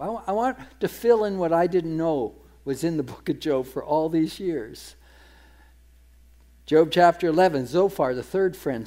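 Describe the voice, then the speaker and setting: Man teaching a conversational Bible lesson. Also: fairly high pitch. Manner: conversational, paraphrases scripture in lively voices, repeats words. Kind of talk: sermon-style Bible teaching.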